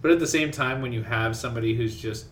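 A man co-hosting a casual podcast chat, talking excitedly and swearing as he reacts to scenes. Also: medium pitch, quick pace, roomy sound, a little hiss or hum. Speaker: podcast co-host.

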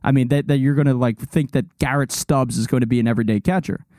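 A man's voice: medium pitch, fast, mellow, no room sound. Young man, podcast co-host, rambling, dry studio sound. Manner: rambling, laughs often, mocking put-on voices. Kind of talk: casual sports and music chat.

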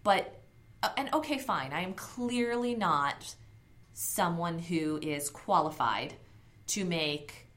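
A woman's voice: on the low side, expressive, slow, a bit bright. A woman in her thirties co-hosting a podcast in casual chat, blunt and swearing freely. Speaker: podcast co-host.

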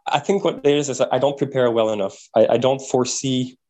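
A man from Quebec, a podcast guest telling travel stories in a casual, animated way, often repeating words as he thinks. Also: mid-range voice, quick pace, rough recording. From Quebec, Canada. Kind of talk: casual interview storytelling.

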